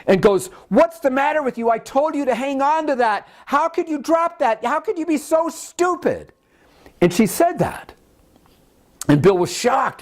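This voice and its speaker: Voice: medium pitch, darkish tone. A self-help teacher in their fifties giving an earnest, emphatic teaching talk and asking the listener questions. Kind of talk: motivational teaching talk to camera.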